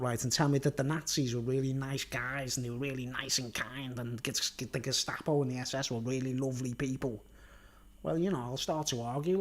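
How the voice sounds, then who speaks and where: A man's voice: medium pitch, darkish tone. Rambling sweary man. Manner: rambling, keeps tagging "right?" and "you know what I mean?"; blunt and sweary, with frequent chuckles. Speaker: vlogger. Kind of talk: rambling monologue.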